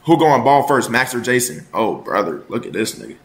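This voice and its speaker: Livestream host, man, mid-range voice, loud, profane and rambling, roomy echo on the mic. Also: mid-range voice, big pitch swings, a little fast. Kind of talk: casual livestream chat.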